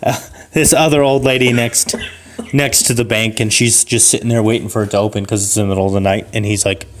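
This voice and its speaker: A man improvising a comic story on a podcast, rambling with fillers and restarts, and jumping to a shrill falsetto for old ladies. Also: steady tone, quick pace. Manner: rambling, with fillers and self-corrections. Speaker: podcast co-host.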